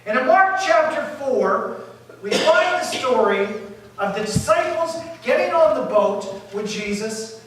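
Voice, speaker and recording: A male pastor telling a story in a sermon, lively and animated, acting out the disciples' panic and dropping to quiet asides. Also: extremely high pitch, a little slow, slight background noise. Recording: echoey room from far off.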